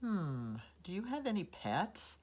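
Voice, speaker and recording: A woman voicing an eager, warm-hearted young schoolgirl from a storybook, bright and exclamatory. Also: medium pitch, big pitch swings, slow, voice pushed up. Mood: curious.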